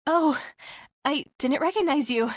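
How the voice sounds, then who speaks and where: A woman's voice: sits high, a little slow, dry recording, clean studio sound, voice pushed up. A woman voicing a shy, anxious young woman with a lifted, girlish tone, in a storybook reading. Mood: lively.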